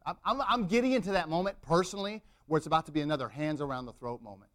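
With a fairly high, fairly bright voice, this middle-aged man rattles through his sermon almost without pausing. He dramatizes the characters' lines, his intensity climbing as he goes.

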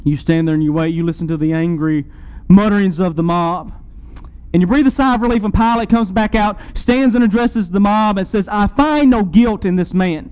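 A man preaching a sermon, retelling a scene dramatically to his listeners and swinging between loud and soft. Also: high voice, a little fast, smooth, poor audio.

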